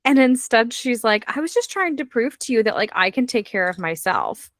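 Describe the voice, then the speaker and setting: A woman co-hosting a book club, swearing freely and reacting loudly to the story. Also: fairly high pitch, sing-song, moderate pace, no room sound, clean studio sound. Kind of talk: casual chat about a novel.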